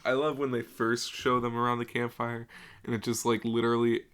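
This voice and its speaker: A man's voice: medium pitch, level tone, brisk, a bit bright, slight background noise. A young man co-hosting a podcast, chatting casually and laughing often as he retells film scenes. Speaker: podcast co-host.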